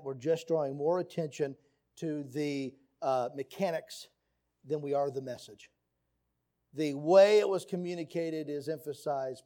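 A man's voice: fairly high pitch, dark tone. Earnest man preaching a sermon. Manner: earnest, emphatic preaching with quotes read aloud. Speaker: pastor.

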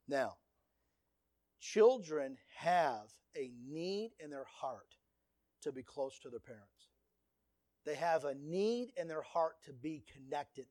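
A man's voice: fairly high pitch, takes it slowly, dry recording, studio quality. A man preaching a sermon to a congregation, earnest and direct, telling stories to make his point. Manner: earnest, preachy, lively storytelling. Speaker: pastor.

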